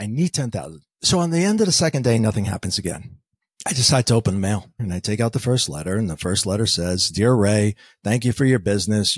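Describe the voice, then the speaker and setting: A man's voice: lowish voice, breathy edge, no echo. A man, a podcast guest telling a story and acting out the dialogue. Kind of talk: storytelling interview talk.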